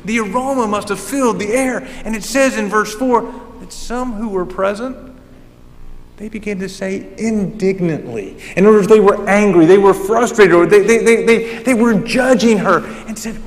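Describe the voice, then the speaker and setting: Male pastor, animated sermon delivery, slightly high voice, long church reverb. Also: moderate pace. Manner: animated, emphatic preaching with restarts. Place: church sanctuary. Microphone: handheld or stand microphone.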